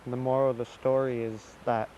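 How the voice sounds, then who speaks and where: A man's voice: medium pitch, little pitch movement, normal speed, mellow, dull audio, slight background noise. A man from Alaska telling a traditional folk tale in a loose, repetitive, conversational way. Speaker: storyteller.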